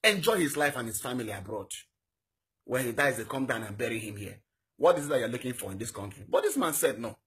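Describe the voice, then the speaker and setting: A man's voice: big pitch swings, fast, a bit bright, husky. A young man with a Nigerian accent making an impassioned, exhorting political appeal, his voice leaping up on rhetorical questions. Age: young adult. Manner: fiery and exhorting, voice swinging high on rhetorical questions. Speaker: political activist.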